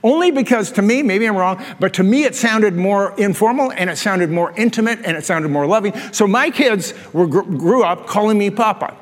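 An older man preaching a conversational sermon as a pastor, animated and telling stories with self-deprecating asides. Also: sits high, moderate pace, hardly any pauses. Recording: long reverb of a large hall.

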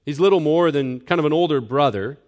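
A young man preaching a sermon in an earnest, teaching manner. His voice sits a little higher than most men's, and he works through scripture references point by point. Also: fairly quick, darkish tone. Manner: earnest, mimics people in quoted asides. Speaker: pastor.

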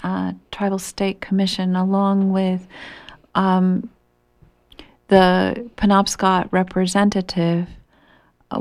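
A woman, a guest on a radio call-in show, telling a historical story and sometimes dropping into a breathy near-whisper. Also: lowish voice, a little mellow.

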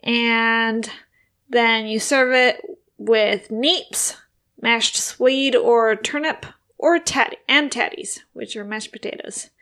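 A chatty woman with a somewhat high voice, giggling as she talks. She runs through lists in an easy, casual way, as if reading them off between laughs. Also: fairly even intonation, takes it slowly, a bit bright. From United States. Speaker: podcast co-host. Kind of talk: casual chat.

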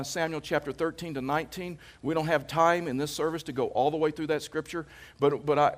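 A middle-aged man preaching to his congregation with a fairly high voice. He keeps it conversational, building points through repetition. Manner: conversational, anecdotal preaching with jokes; emphatic, repeats phrases for effect. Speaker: pastor. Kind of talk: sermon.

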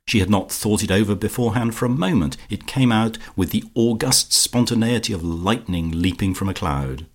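A man with a low voice reads a classic comedic novel aloud. His narration is measured and wry, savoring the ironies of the text at an even, unhurried pace. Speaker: audiobook narrator. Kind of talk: scripted audiobook narration.

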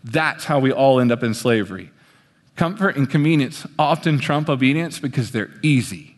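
A young man on a stage preaching a sermon in an animated way, swinging his pitch as he acts out the voices he quotes. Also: normal speed. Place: on a stage in a large hall. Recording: long hall reverb.

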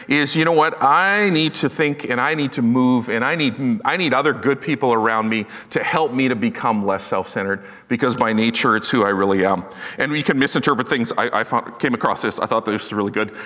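Middle-aged male pastor, chatty self-mocking sermon, bright tone, big reverberant hall. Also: on the high side. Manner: conversational and self-deprecating, joking asides. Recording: long reverb of a large hall.

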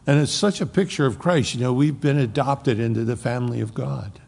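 A man's voice: mid-range voice, brisk, vocal fry, a little mellow. A man in his seventies preaching a sermon, quoting scripture with emphasis and slipping in folksy jokes. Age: 70s. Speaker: pastor. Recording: long hall reverb.

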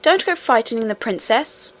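A woman's voice: fairly high pitch, lively intonation, normal speed, fairly bright tone. A woman voicing a fretful, easily offended nursemaid who sounds indignant and tearful in an audiobook. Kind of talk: audiobook character reading.

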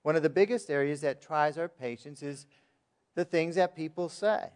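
A man's voice: fairly high pitch, normal speed, a little mellow, clean tone. A man preaching a sermon in a plain, conversational way, asking his listeners questions and reading verses aloud. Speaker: pastor.

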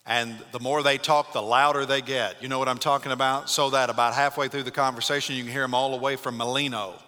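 A male pastor giving a Sunday morning sermon, swinging between loud calls and hushed, calm speech. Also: mid-range voice, fast, long reverb tail. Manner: dynamic preaching, shifts from loud to hushed.

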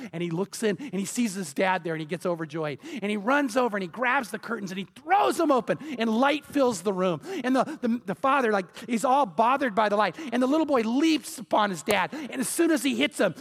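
A pastor preaching a sermon, animated and acting out the voices of the people he quotes. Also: high-pitched. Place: church sanctuary. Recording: long hall reverb.

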